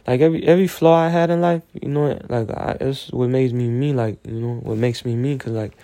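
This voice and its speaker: A man's voice: medium pitch, fairly even intonation, fairly quick, mellow. Emotional man, near tears. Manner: rambling, emotional, slangy. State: on the verge of tears. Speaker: solo show host. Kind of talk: personal confessional monologue.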